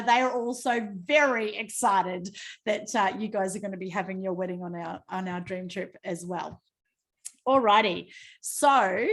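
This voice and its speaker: A woman's voice: a little high, fairly bright tone. Bubbly, effusive woman hosting a video call. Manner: bubbly, effusive, laughs often. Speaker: host of team call. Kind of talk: casual video call presentation.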